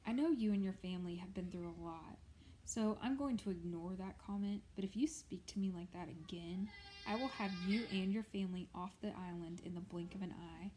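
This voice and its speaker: A woman's voice: lowish voice, normal speed, mellow, slight background noise, natural voice. A woman voicing a stern middle-aged male prison warden, firm and clipped, in a storybook reading.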